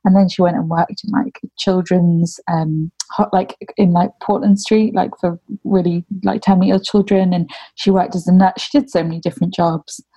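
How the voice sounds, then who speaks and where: A woman's voice: on the low side, steady tone, moderate pace, few pauses, dark tone, slightly rough. A young woman talking casually about her family, rambling with lots of "like" fillers. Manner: rambling, heavy use of "like" fillers. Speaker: interviewee. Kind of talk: casual conversation.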